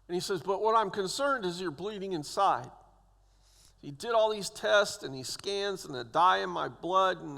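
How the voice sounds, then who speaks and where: A man's voice: sits high, gravelly, fairly bright tone. A man in his sixties, a church elder, giving a personal testimony in a church, acting out the voices of the people in his story. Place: church sanctuary. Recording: long church hall reverb.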